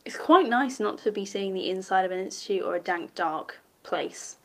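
A woman, casually commenting on a TV episode as she watches, sarcastic and quick to swear and laugh. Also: mid-range voice. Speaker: TV episode reactor.

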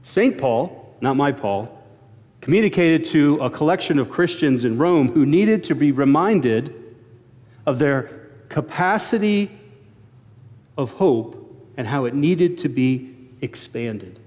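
Male pastor, sermon delivery, slightly high voice, long church reverb. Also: animated, takes it slowly, long pauses, a little mellow. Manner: earnest storytelling with prayerful opening. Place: church sanctuary.

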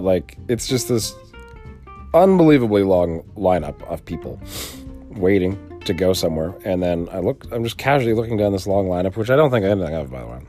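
A young man casually telling a vlog story in a rambling, profane, animated way. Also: low voice. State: sleepy, just woke up. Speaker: vlogger.

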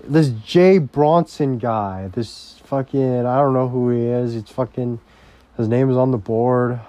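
Slow, rambling, foul-mouthed young man. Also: mid-range voice, mellow, dry recording. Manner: rambling, heavily profane, slow-paced. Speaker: vlogger. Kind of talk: casual profane rant.

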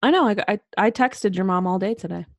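A woman's voice: medium pitch, fast, no room sound, clean studio sound. A young woman co-hosting a casual podcast. She tells stories full of swearing and giggles, and drops her voice when she quotes other people. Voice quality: profane, giggly storytelling. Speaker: podcast co-host.

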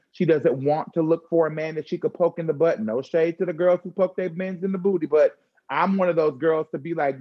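A woman talking candidly in a conversational chat, frank and expressive with slangy asides. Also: low voice, dull audio.

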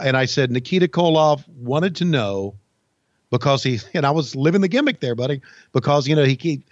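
A man, co-hosting a podcast and telling stories in a folksy, halting way. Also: mid-range voice, no room sound, muffled recording. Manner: folksy storyteller, halting restarts. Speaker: podcast co-host, former wrestling insider. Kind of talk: casual chat, storytelling.

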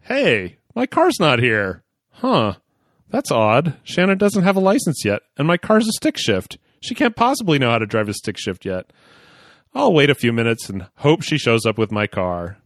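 A man from Oklahoma hosts a casual podcast and reads a listener's long letter aloud, chuckling along the way. His pitch swings widely and with animation as he reads. The sound is close and dry, with no room around it. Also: moderate pace, no echo. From Oklahoma, USA. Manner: lively, chuckling reader. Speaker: podcast host.

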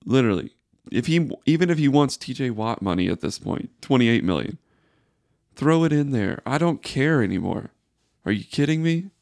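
A man's voice: mid-range voice, expressive, normal speed, gravelly, darkish tone, dry recording, clean studio sound. A man hosting a solo sports podcast, ranting in exasperated frustration. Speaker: podcast host.

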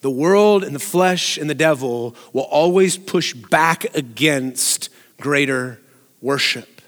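A man's voice: on the high side, slow, fairly bright tone. A man preaching a sermon as pastor, in a conversational way that asks the congregation questions and laughs often. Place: church sanctuary. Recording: long reverb of a large hall.

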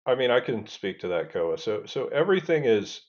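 A man's voice: medium pitch, sing-song, muffled recording. A man speaking as a guest on a panel, explaining his work in airborne command and control, who keeps restarting his sentences and fills them with "uh". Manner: halting, many restarts and fillers. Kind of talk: casual panel conversation.

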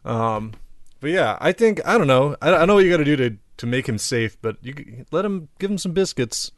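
A man's voice: a little high, lively intonation, brisk. Joking guy swearing in casual chat. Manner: jokey, laughing, slips into silly voices, swears.

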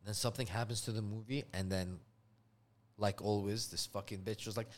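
A man telling a story in casual podcast chat, profane and animated, acting out voices. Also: lowish voice, fairly quick. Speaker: podcast co-host.

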